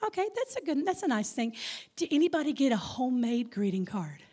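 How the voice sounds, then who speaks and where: A woman's voice: high-pitched, big pitch swings, brisk, dark tone, slightly rough. A woman in her fifties with a Texas accent, giving a playful Mother's Day sermon and calling out questions to the congregation. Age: 50s. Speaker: guest speaker. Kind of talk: Mother's Day sermon with audience call-and-response.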